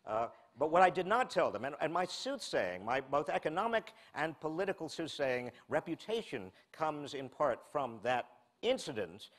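Man, 60s, public lecture, deadpan humor, fairly high voice, animated pitch. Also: normal speed. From United States. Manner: wry, self-mocking storyteller with deadpan asides. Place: lecture hall before a live audience.

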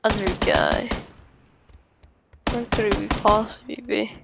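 A woman's voice: mid-range voice, huge pitch swings, slow, creaky, background noise. A woman streaming a game and chatting casually with teammates, rambling with lots of fillers. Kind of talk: casual gaming voice chat.

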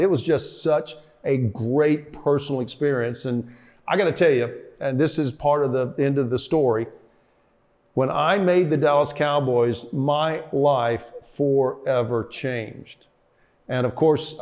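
A man's voice: mid-range voice, a little mellow. An older man in an interview, telling stories about his past in a rambling way, full of fillers and restarts. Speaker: interviewee, former football player. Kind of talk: reflective storytelling interview.

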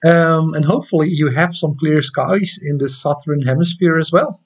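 A man's voice: on the high side, steady tone, moderate pace, slightly rough. A man with a Dutch accent hosting an astronomy livestream, chatting casually and reading viewer comments with many hesitant ums and restarts. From Netherlands.

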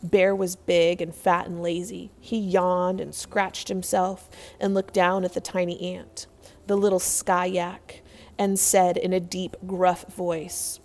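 A woman reading a folktale aloud in a measured, expressive storytelling manner. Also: on the low side. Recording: long hall reverb.

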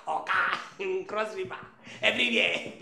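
A man's voice: sits high, fairly even intonation, measured pace, creaky, pushed and bright, exaggerated voice. An actor playing a teasing, scheming Nigerian man who laughs often and bargains playfully, in a Nigerian accent. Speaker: houseguest bargaining with the cook. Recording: echoey room.

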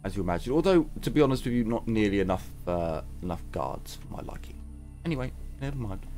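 A man's voice: fairly low pitch, expressive, fast talker, darkish tone, soft background music. A gaming YouTuber, a man, chatting casually and reading game text aloud during a let's play. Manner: casual, rambling, jokey asides.

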